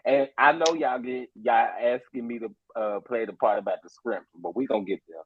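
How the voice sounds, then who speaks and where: A man hosting a casual gossip chat, excitable and quick to repeat himself. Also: mid-range voice, narrow, tinny audio, a little hiss or hum. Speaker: host.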